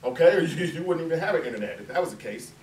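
A man's voice: a little high, animated, racing, darkish tone, a little hiss or hum. A man giving an impassioned college lecture, emphatic and conversational, firing off rhetorical questions. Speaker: guest lecturer. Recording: echoey room, mic far off, faint ambience.

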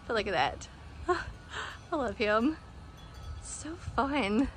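A woman with a slightly high voice walks her phone camera around her front porch in a casual home decor walkthrough. She is chatty and upbeat, laughing often and letting excited squeals slip out. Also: slow pace, a little hiss or hum. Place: outdoors on a front porch and yard.

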